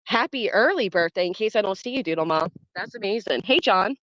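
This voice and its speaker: A woman's voice: mid-range voice, animated, brisk, fairly bright tone, no echo. A woman in her thirties hosting a casual livestream, chatting and greeting viewers by name as she reads the chat. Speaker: livestream host. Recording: dull dry sound.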